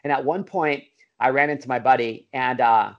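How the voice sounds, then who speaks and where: Casting: middle-aged guy, easygoing bro talker, lots of "like" and "dude", average pitch, slightly dull lo-fi recording. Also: moderate pace. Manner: laid-back bro slang, many fillers and restarts. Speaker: podcast guest. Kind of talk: casual storytelling. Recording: dull lo-fi audio.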